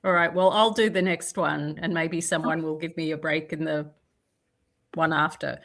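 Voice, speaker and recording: Low-voiced chatty woman on a video call. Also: steady tone, moderate pace, a bit bright. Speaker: literary agent. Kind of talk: live video Q&A and reading aloud.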